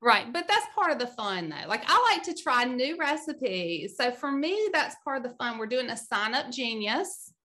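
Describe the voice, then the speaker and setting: A woman's voice: a little high, sing-song, moderate pace, hardly any pauses, pushed and bright. A woman chatting casually and eagerly about plans for her book club's cooking night. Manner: eager, upbeat, explaining plans. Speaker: book club organizer. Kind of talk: casual chat.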